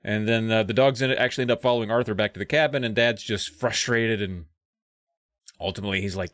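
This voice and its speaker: Co-host, man, casual animated recap voice, dry close sound, mid pitch. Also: quick pace, no room sound. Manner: animated, acts out characters. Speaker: podcast co-host. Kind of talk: casual chat retelling a book.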